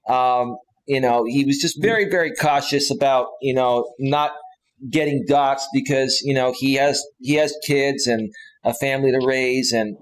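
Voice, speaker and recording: A man in his forties from California, hosting a live stream panel in a rambling, animated way. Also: mid-range voice, moderate pace, poor audio. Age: 40s. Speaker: host.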